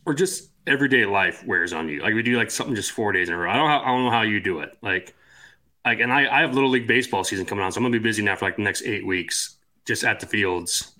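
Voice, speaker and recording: A man's voice: fairly low pitch, sharp tone. A man from Kansas, a podcast guest in casual chat, talking easygoing with lots of fillers. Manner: easygoing, fast, filler-heavy talk.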